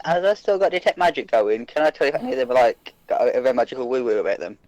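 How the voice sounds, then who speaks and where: Playful animated man at the game table. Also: mid-range voice, racing, no echo, poor audio. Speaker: player. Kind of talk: casual tabletop play. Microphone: online voice call.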